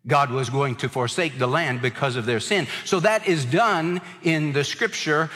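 A man's voice: fairly high pitch, normal speed, fairly bright tone, in a large hall. A man preaching a sermon as pastor, stressing words by repeating them.

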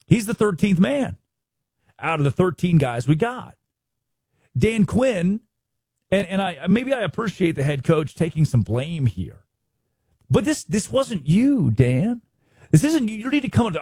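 A man's voice: a little high, sing-song, moderate pace, pauses often, warm tone, breathy edge, no echo. A man hosting a sports show, giving emphatic, sarcastic commentary and acting out quotes.

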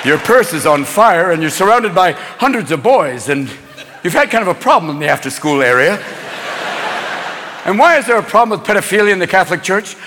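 A brash male stand-up comic with a high voice that jumps around, trading jokes with a live audience. He slips in and out of voices as he goes. The hall has a long echo and a noisy crowd. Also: fairly quick. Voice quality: animated, brash, switches between voices. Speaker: stand-up comedian. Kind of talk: stand-up comedy set. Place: live comedy venue with audience.

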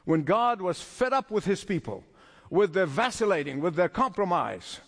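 A man's voice: high voice, sing-song, moderate pace, creaky, big-room sound. A man preaching a sermon, emphatic and repeating phrases for stress.

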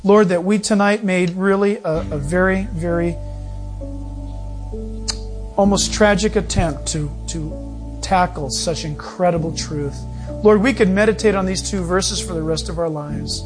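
A man with a high, light voice preaches at an evening church service. He reads scripture aloud and poses questions that he answers himself. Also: a little slow, music in the background. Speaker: pastor. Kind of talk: sermon.

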